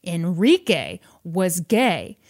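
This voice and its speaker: A woman casually retelling a film's plot to a friend, acting out the characters' lines in quick asides. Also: fairly low pitch, wildly swooping pitch, a little mellow. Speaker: podcast host retelling a film plot. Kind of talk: casual storytelling chat.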